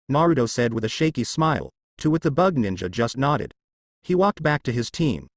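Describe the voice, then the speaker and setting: A man narrating a fan story, his pitch swinging with lively ups and downs as he reads. The sound is dry and close with no room around it. His voice sits at an everyday middle pitch. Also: moderate pace, no room sound.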